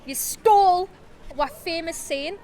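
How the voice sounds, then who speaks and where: A woman's voice: extremely high pitch, takes it slowly, dark tone, slight background noise. A woman with a Sunderland accent hosting a podcast, teasing and playful in casual chat. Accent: Sunderland (Mackem). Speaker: podcast host.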